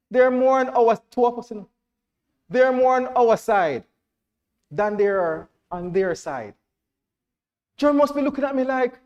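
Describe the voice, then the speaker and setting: A Jamaican man preaching a sermon to a congregation in church, checking that everyone follows and rising to loud, emphatic declarations. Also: very high voice, animated, moderate pace.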